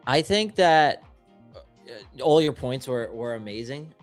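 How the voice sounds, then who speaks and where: A man co-hosting a live trading stream, talking in an animated, slangy, hyped way. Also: mid-range voice, slow pace. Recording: faint music in the background.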